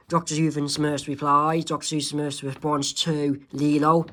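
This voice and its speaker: A man reading his own homemade comic aloud, halting, with many fillers and self-corrections. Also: a little high, level tone, a bit bright. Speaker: amateur comic creator.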